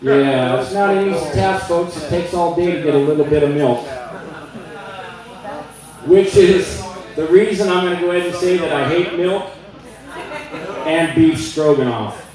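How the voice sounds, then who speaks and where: Male stand-up comic, high voice, deadpan, plays out dialogues; mic at a distance in a busy room. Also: normal speed, long pauses, a crowd in the background. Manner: deadpan storytelling, acting out both sides of dialogues. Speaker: stand-up comedian. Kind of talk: stand-up comedy set. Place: club stage with audience. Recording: echoey room, from far off, audience.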